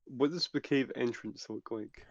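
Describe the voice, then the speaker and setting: A man's voice: medium pitch, unhurried, highs cut off. A man playing a tabletop game, making tentative, thoughtful suggestions. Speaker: player. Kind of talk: casual chat at the table.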